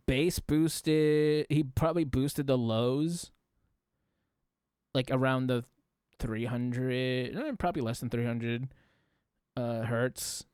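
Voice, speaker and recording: A man's voice: medium pitch, darkish tone, clear, resonant tone, no room sound, clean studio sound. A man streaming a casual reaction commentary, rambling and talking straight to his chat while demonstrating voice tricks.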